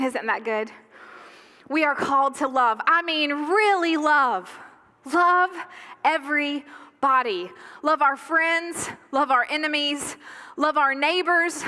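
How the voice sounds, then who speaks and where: A woman pastor delivering a sermon with impassioned, emphatic preaching and dramatic pauses, in a church sanctuary. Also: high-pitched, sharp tone.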